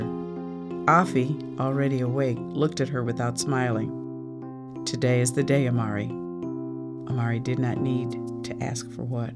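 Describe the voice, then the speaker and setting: An audiobook narrator reading a novel chapter in a slow, measured storytelling manner. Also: mid-range voice. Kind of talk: scripted narration. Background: guitar music.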